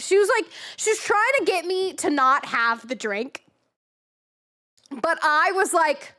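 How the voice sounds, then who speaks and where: High-voiced young woman streamer. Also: unhurried. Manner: animated, swears freely, acts out quotes. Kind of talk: casual storytelling stream.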